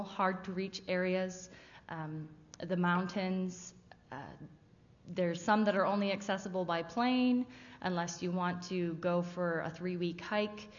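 A woman giving a casual, conversational missionary presentation to a church audience. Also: on the low side. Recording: dull sound with long hall reverb.

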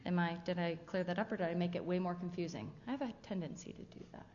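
A woman's voice: fairly low pitch, fast, a little mellow, slight background noise. Woman, missionary presenter, conversational, long hall reverb, dull sound. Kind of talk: church presentation talk.

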